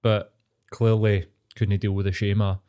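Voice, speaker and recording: A man's voice: fairly low pitch, little pitch movement, a little slow, dark tone, clear, resonant tone. A young man with a Glaswegian accent, co-hosting a podcast with sweary, joking banter. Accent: Scottish, Glaswegian. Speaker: podcast co-host. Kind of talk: casual chat.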